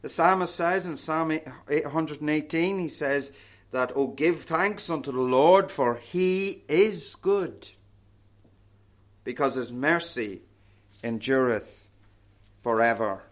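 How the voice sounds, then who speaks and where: Unhurried and deliberate, a man preaches with a somewhat higher-than-average male voice. He presses hard on important words and frequently lets each phrase drop into a quiet, low close.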